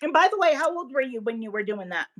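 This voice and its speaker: A woman hosting a relaxed interview with a high, lively voice that rises and falls freely. She keeps her guest talking with quick encouraging replies and curious questions. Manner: encouraging, frequent short backchannels. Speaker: interview host. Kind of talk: casual interview.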